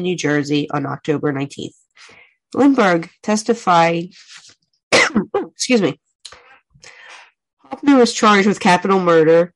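A woman's voice: on the low side, rough recording. A woman co-hosting a podcast who reads out a case steadily and teases her co-host in casual chat. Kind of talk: casual chat and reading aloud.

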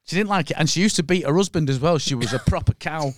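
A man's voice: a little high, animated, quick pace, dry recording, clean studio sound. A man in his fifties telling rambling, sweary anecdotes on a podcast, often laughing through them. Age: 50s. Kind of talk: casual chat, anecdote telling.

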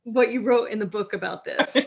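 A woman host from New York with a fairly high voice interviews her guest. She chats easily and laughs often. She reads passages from a book aloud. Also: steady tone, brisk, vocal fry. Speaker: podcast host. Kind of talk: casual interview, reading book excerpts.

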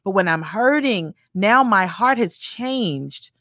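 A woman co-hosting a casual faith discussion, animated and acting out little voices, with many fillers. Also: medium pitch, slow pace, dry recording, studio quality.

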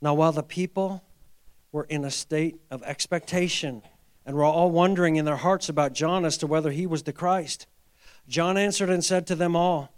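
A middle-aged male pastor preaching a sermon, telling a story and then building to fervent exhortation, moving from hushed tones to loud emphasis. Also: a little high, normal speed, clear, resonant tone.

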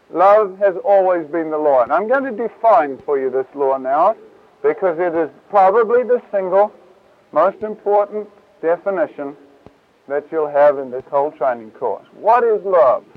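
A man teaching from the Bible in a casual, lively way, acting out the voices in the passages. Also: high-pitched, moderate pace. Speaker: preacher. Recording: tinny, lo-fi 1970s tape.

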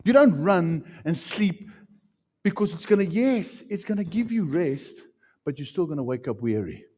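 A South African man preaching a sermon with passion, swinging from loud outbursts to hushed lines. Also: a little high, very animated, moderate pace. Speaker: pastor.

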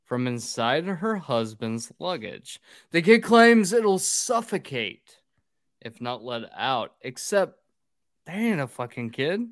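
A man's voice: a little high, big pitch swings, takes it slowly, a bit bright, no room sound, studio quality. A man hosting a casual drinking podcast, recapping a film plot in a profane, rambling way.

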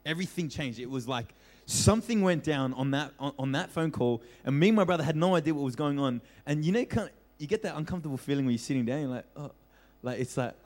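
A young man preaching as a pastor, telling a childhood story with lively acted-out voices and frequent laughter. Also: on the high side. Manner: animated storyteller, acts out voices, laughs often. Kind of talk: storytelling sermon. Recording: reverberant hall.

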